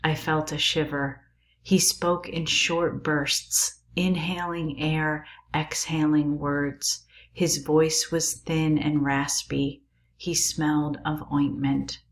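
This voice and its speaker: A woman reading a novel aloud in a calm, measured, quiet way. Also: low-pitched.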